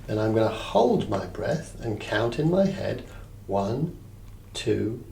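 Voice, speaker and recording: A man teaching a breathing technique as a mindfulness coach, calm and checking in often with his listener. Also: on the low side, measured pace, vocal fry, recorded from a distance, a little hiss or hum. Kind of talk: guided breathing lesson. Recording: echoey room, voice off-mic, faint ambience.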